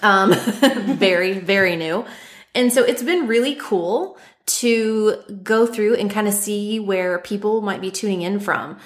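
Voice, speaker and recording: A woman's voice: medium pitch, a little slow, reverberant. A woman from Nashville, co-hosting a podcast in bubbly, chatty talk with frequent laughter. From Nashville, Tennessee. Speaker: podcast co-host. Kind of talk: casual chat.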